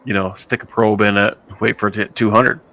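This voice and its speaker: Low bright-voiced guy hosting a podcast, jokey, swears a lot. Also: steady tone, a little fast, rough recording. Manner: joking, swears, tells anecdotes. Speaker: podcast host. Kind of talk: casual chat.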